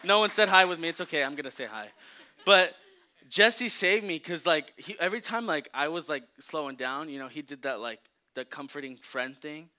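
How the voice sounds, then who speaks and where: A man's voice: a little high, a little fast, sharp tone, smooth. A young man preaching a casual, joking sermon, telling a story with lots of fillers. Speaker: youth preacher.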